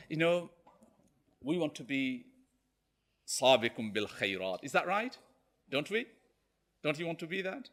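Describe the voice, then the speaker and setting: A man's voice: fairly high pitch, sing-song, unhurried, long pauses, a bit bright. A man giving a Friday sermon as a preacher, telling a story animatedly and often checking in with "okay?".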